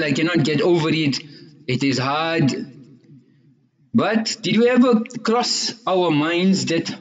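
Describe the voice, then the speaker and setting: A man's voice: fairly high pitch, normal speed. A man giving an earnest, moralizing sermon, telling a joke story to make a point and sprinkling in religious terms. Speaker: Islamic preacher. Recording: dull lo-fi recording.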